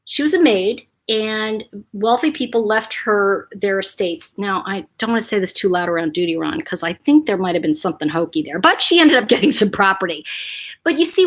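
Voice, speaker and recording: Brief: a woman from New York State as a livestream host, lively pitch, slightly husky. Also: a little fast. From Buffalo, New York, USA. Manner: animated, talks in dramatized quotes. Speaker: channel host. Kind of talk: livestream chat.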